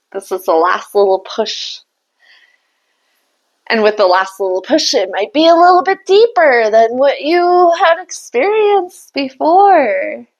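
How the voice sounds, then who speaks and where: A woman's voice: sits high, creaky, highs cut off. A young adult woman giving a casual spiritual tarot reading, musing aloud and laughing at herself. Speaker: tarot reader and channeler.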